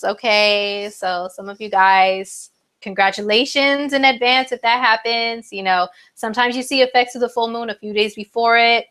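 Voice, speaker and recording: A woman's voice: on the high side, sharp tone. Chatty woman reading horoscopes live. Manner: chatty, lots of fillers and asides to chat. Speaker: astrology livestream host. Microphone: phone.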